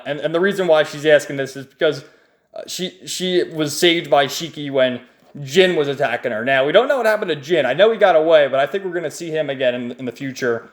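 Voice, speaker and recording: A man casually recapping a comic book page by page, enthusiastic and rambling, chuckling often. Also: fairly high pitch. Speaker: manga reviewer.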